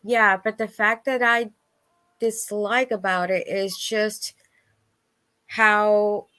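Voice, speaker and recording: A woman's voice: medium pitch, little pitch movement, takes it slowly, bright, forceful tone, clean tone, no room sound, rough recording. A woman who joins a livestream panel as a guest, speaking hesitantly with many fillers. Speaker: guest caller. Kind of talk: hesitant casual chat.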